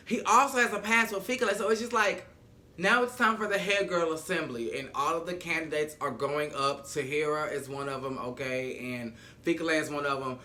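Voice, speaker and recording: Sassy guy recapping a show, cussing, high bright voice. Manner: sassy, profane, dramatic. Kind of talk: casual episode recap.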